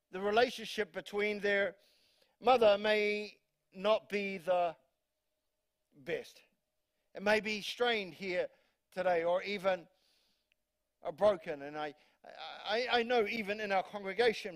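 A man preaching to his congregation in a loose, humorous way, often restarting his sentences. His voice sits high for a man. The recording is dry and close, with almost no room sound. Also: no room sound. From New Zealand. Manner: conversational and humorous, with frequent restarts. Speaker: pastor. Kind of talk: sermon. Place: church congregation.

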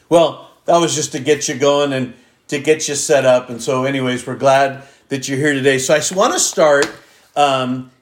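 A man preaching a sermon, reading scripture emphatically and stretching key words. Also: on the high side. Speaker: pastor. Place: church sanctuary. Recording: roomy church echo.

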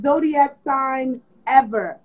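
A woman's voice: high voice, slow pace, crowd noise. A woman in a casual chat show who moderates the conversation and asks the others questions. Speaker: co-host leading the segment. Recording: dull lo-fi sound.

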